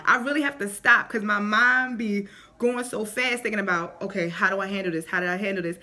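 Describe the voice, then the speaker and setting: Bright-voiced woman giving faith advice. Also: mid-range voice, fairly quick, faint music behind. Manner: animated, acts out quotes in voices. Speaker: faith vlogger. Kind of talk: casual faith talk to camera.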